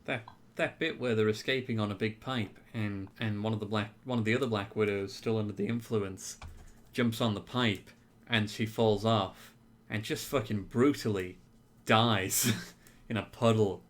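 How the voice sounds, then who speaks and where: A man's voice: on the low side, steady tone, moderate pace. A man co-hosting a podcast, giving dry, wry remarks in a casual film review chat. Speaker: podcast co-host.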